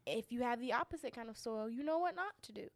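A woman's voice: a little high, expressive, fast, no room sound. A woman co-hosting a casual chat, chatty and laughing easily. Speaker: podcast co-host.

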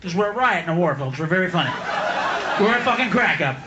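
A man's voice: high voice, lively intonation, quick pace, lo-fi sound, heavy background noise. A man doing a stand-up comedy routine on a club stage, ranting profanely with sudden screaming bursts. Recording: live club recording, echoey, loud crowd. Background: crowd laughter and applause.

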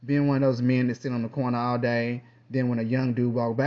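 A man hosting his own podcast in a casual, rambling monologue, with lively bursts and quiet trailing asides. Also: mid-range voice, fairly quick, highs cut off. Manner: chatty, loose, drifts between topics. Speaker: podcast host.

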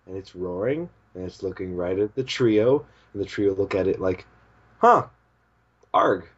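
A man's voice: low-pitched, normal speed, warm tone, husky, lo-fi sound. A man co-hosting a podcast in casual chat, reading out manga panels and putting on the characters' lines with bursts of laughter. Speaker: podcast co-host.

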